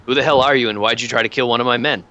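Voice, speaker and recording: A man voicing a gruff, commanding inquisitor who talks in a brusque, impatient, profane way. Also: mid-range voice, steady tone, very fast, noisy background, natural voice. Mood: angry.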